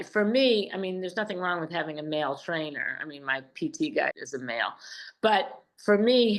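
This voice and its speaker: A woman's voice: lowish voice, rough recording. A woman in her seventies, a podcast guest, telling stories in casual chat and acting out what other people said. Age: 70s. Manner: animated storytelling, acting out other people's lines.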